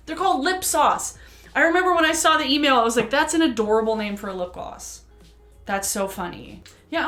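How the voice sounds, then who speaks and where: A young woman chatting casually into her camera at home while doing her makeup, rambling and breaking into sudden excited outbursts. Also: mid-range voice. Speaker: beauty vlogger. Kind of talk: casual get-ready-with-me chat. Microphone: camera mic.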